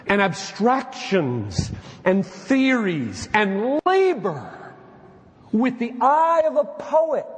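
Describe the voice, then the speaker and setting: Emphatic high-voiced preacher in a reverberant hall. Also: male voice. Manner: emphatic, exhorting, rhetorical questions. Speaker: preacher addressing pastors. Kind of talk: sermon-style lecture.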